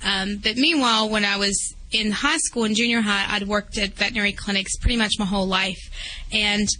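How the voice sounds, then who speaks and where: A veterinarian from West Virginia talks about her work in a chatty radio interview. She has a Southern accent. Her voice is bright and forward. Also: medium pitch, steady tone, brisk, rough recording. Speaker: veterinarian guest. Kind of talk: phone-in interview.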